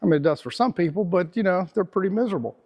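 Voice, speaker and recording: A man's voice: high voice, lively intonation, rapid-fire, darkish tone. A middle-aged man with a Texan accent giving a casual, rambling motivational talk as host, repeating words and using slang.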